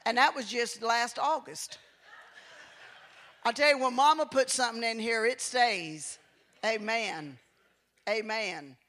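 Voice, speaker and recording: High, bright-voiced folksy preacher man. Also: takes it slowly, pauses often. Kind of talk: sermon with storytelling.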